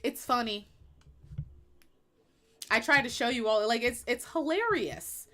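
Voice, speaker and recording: A woman with a fairly high voice hosts a live stream, talking bluntly and with plenty of sass. She leans hard on her points in an emphatic, opinionated way. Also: expressive, measured pace, a bit bright. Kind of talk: opinionated casual chat.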